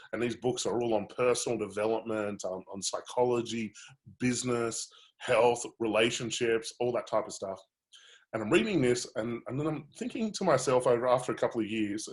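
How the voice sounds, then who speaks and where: A man coaching through a live webinar, telling his own story in a candid, animated way. His voice sits at an ordinary middle pitch, and he talks with plenty of fillers and restarts.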